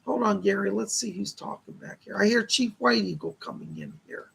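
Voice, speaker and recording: A man with a heavily gravelly voice hosts a live psychic reading stream. His tone is husky and a little rough. He talks in an earnest, reassuring way and blesses his viewers. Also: sits high, animated, a little fast, a bit bright. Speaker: psychic medium host.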